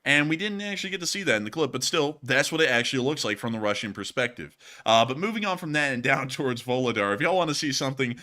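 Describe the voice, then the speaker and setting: A man's voice: medium pitch, expressive, quick pace, few pauses, sharp tone. A man co-hosting a casual war news stream, talking energetically and joking, with lots of "man" and "like". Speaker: co-host.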